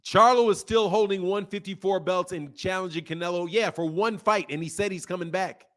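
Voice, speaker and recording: High-voiced, heated boxing stream host. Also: male voice, steady tone, fairly quick. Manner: sarcastic, heated, swings from mock pleading to loud outbursts. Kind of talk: live-stream commentary and rant.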